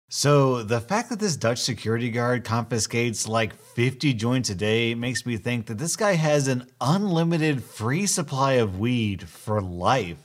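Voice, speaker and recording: A man narrating online stories aloud in a scripted, expressive way. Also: mid-range voice.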